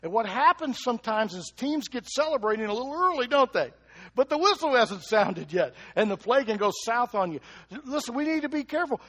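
A man preaching a lively sermon, who keeps asking the congregation questions and chuckles between points. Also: extremely high pitch, brisk. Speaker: pastor.

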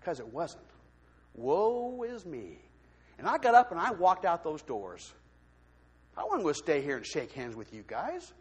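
A man speaks from a church pulpit, telling his own story like a sermon. His voice sits high and swings widely, and he acts out the other people's lines. A long reverb from the sanctuary trails behind every word. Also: huge pitch swings, normal speed, breathy edge. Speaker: lay speaker giving a testimony in church. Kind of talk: sermon testimony.

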